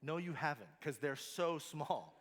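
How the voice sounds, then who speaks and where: A man's voice: fairly high pitch, lively intonation, measured pace, a bit bright. A man giving a sermon as a pastor, talking in a loose, conversational way with many filler words and turning emphatic at key points.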